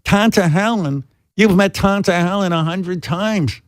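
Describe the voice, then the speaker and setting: A man voicing his confused elderly mother, raising his voice into a high, wavering, drawn-out questioning tone while retelling a story on talk radio. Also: no echo. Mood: insistent.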